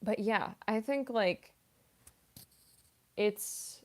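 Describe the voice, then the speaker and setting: A woman's voice: mid-range voice, extremely slow, darkish tone. A voice actress chatting casually on a livestream, answering viewer comments. She fills her talk with "like" and "um", and she is a classically trained singer. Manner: chatty, many fillers like "like" and "um". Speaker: voice actress and streamer.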